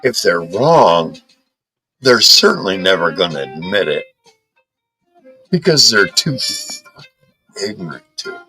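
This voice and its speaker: A low-voiced man hosting a casual live chat, blunt and defiant with heavy swearing. His pitch swings widely as he pushes his points, and he stammers on his restarts. His tone is bright, with faint music behind. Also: huge pitch swings, slow, long pauses, rough recording. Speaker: podcast host.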